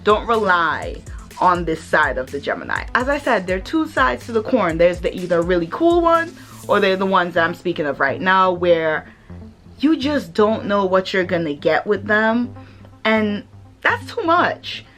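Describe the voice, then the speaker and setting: A woman's voice: mid-range voice, big pitch swings, measured pace, fairly bright tone, soft background music. A woman hosting her own vlog in casual chat, blunt and sassy, and she swears freely. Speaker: vlogger host.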